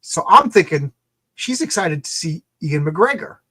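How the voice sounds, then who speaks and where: A man in casual podcast chat, animated, acting out quoted lines in different voices. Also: fairly high pitch, unhurried, no room sound. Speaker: podcast co-host.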